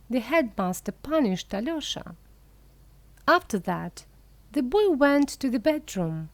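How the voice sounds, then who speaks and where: A woman reading a children's story aloud for English learners, clear, careful and expressive. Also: high voice, unhurried, no echo.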